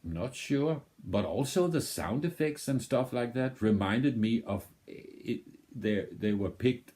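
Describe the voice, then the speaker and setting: A man's voice: mid-range voice, expressive, unhurried, darkish tone. A man with a Danish accent, rambling through a casual reaction commentary and thinking aloud with many restarts. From Denmark. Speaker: reaction video host.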